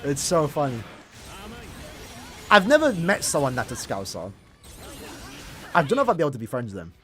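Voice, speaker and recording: A young man chatting casually on a live game stream, talking in quick bursts and laughing easily. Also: mid-range voice, wildly swooping pitch, fairly bright tone, soft background music.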